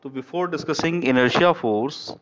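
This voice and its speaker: A man with an Indian English accent giving an online engineering lecture, halting and repeating phrases, often saying "okay". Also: on the high side. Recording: dull lo-fi recording.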